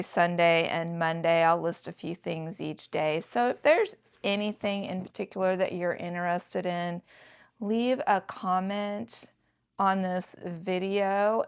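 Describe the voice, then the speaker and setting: A woman's voice: on the low side, clear, resonant tone. A woman in her sixties chatting to viewers in a casual haul vlog, showing off thrifted handbags with chatty enthusiasm. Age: 60s. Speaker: thrift reseller vlogger.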